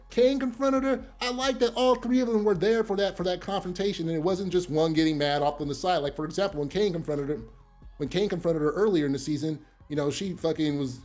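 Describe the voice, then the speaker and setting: A man casually recapping a TV episode, animated and profane. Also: high-pitched. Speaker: TV recap host.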